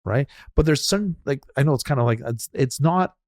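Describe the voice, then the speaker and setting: A man hosting a podcast interview in casual chat, quick and rambling with restarts. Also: medium pitch, expressive, a little mellow, no echo, clean studio sound. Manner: fast, chatty, restarts and laughs. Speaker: podcast host.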